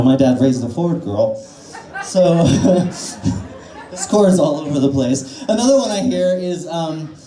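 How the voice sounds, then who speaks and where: With a lowish, dark voice, a trans stand-up comedian in her twenties rambles through a crude, self-mocking set full of fillers. She performs on a small cafe-bar stage, and the room echoes.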